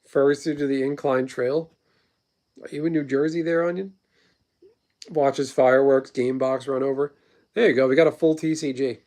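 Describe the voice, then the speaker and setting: A man's voice: mid-range voice, fairly even intonation, normal speed, pauses often, darkish tone. A man in his thirties hosting a casual livestream, rambling through stories and blunt, profane opinions while answering chat. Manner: replies to chat messages. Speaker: livestream host.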